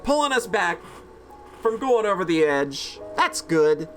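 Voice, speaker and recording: A man hosting a let's play, reading a visual novel aloud and breaking in with animated, exclamatory asides. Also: a little high, normal speed, soft background music.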